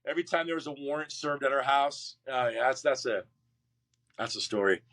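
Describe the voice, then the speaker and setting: A man's voice: medium pitch, a little fast. A middle-aged man, a Marine veteran guest, telling his life story in an interview, acting out the voices of people in it. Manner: animated, acts out quoted voices, frequent restarts.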